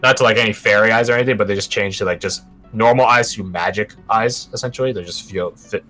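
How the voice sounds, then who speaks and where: A man with a low voice narrates as game master. He talks casually and jokes, with the odd curse word. Faint music plays behind him. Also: fast talker, pushed and bright. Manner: casual, joking, swears.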